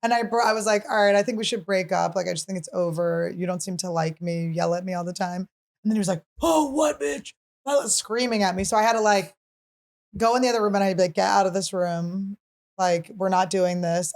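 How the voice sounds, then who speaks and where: Animated woman comedian hosting a podcast. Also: medium pitch, fast talker. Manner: animated storyteller who acts out other people's lines. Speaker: podcast host and stand-up comedian. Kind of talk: casual comedic chat.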